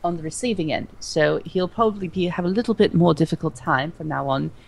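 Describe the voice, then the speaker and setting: A woman co-hosting a livestream in casual chat, talking haltingly with many fillers and restarts. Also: on the low side, vocal fry, poor audio. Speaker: stream co-host.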